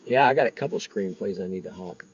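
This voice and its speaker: A man's voice: deep voice, expressive, quick pace, breathy edge, muffled recording. A man, rambling casually to viewers during a delivery livestream. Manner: rambling, chatty, talks to viewers. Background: faint crickets and insects.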